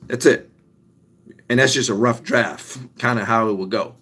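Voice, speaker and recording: A man's voice: medium pitch, normal speed, long pauses, a bit bright, breathy edge. A young man giving a motivational talk, emphatic and repetitive, stretching out his key lines. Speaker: motivational speaker.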